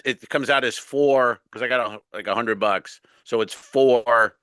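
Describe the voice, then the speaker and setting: A man's voice: medium pitch, measured pace, fairly bright tone, clear, resonant tone, dry recording. A man co-hosting a comedy podcast, telling a story in casual chat and acting out the other people's lines.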